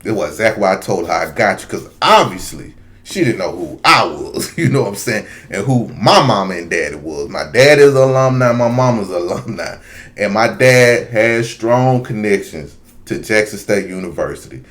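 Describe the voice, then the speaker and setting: A man with a somewhat low voice talks straight to his viewers in a loose, casual monologue. He tells a long story, wandering off into frequent asides. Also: expressive, normal speed, a bit bright. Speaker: video commentator.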